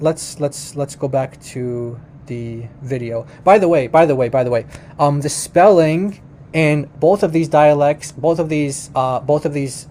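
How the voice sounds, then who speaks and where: A man's voice: mid-range voice, darkish tone, a little hiss or hum. A man giving casual, emphatic commentary while reacting to a video, often correcting himself and talking to his viewers.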